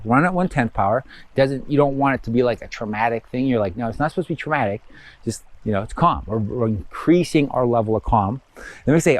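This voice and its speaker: A man's voice: medium pitch, a little mellow, no echo. Casual rambling male spiritual teacher. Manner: rambling, filler-heavy, slows for guided affirmations. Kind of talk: casual guided instruction.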